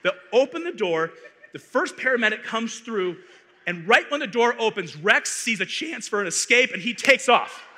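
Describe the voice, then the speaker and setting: A man from Arizona, a conference speaker, telling a funny story in a playful, animated way, on a stage microphone in a large hall. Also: very high voice, normal speed. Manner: animated, playful, building comic tension. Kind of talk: comic storytelling talk. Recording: echoey hall reverb.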